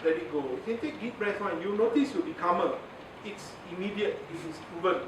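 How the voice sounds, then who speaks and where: A man's voice: high-pitched, a little fast. A man with a Malaysian English accent giving a chatty workshop lecture, laughing often and mixing in Malay words. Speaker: media communication trainer. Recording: echoey, from far off, noisy.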